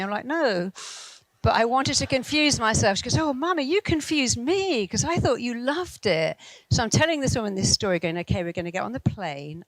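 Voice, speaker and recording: A woman in her fifties gives a motivational talk as a hypnotherapist, mid-pitched and animated. She tells stories and acts out the voices of the people in them. The recording is close and dry. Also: a little fast, no echo, poor audio. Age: 50s. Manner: animated storyteller acting out quoted voices. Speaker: hypnotherapist and speaker.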